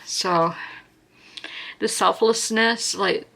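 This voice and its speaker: A woman's voice: mid-range voice, fairly even intonation, very slow, creaky, fairly bright tone, slight background noise. A woman in her twenties from South Carolina, chatting casually and earnestly in a reading vlog, with lots of fillers and restarts. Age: 20s. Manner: chatty, rambling, heartfelt, many fillers and restarts. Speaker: book vlogger.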